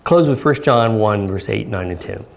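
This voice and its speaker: Earnest pastor preaching a sermon. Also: male voice, lowish voice, expressive, gravelly, a little hiss or hum. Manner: earnest, unhurried preaching with pauses, reading scripture aloud. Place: church service.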